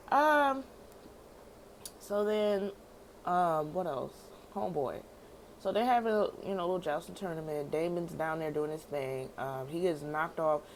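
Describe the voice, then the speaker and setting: A woman casually recapping a TV episode, animated and slangy, laughing often. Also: deep voice, a little hiss or hum, rough recording. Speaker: TV show recapper.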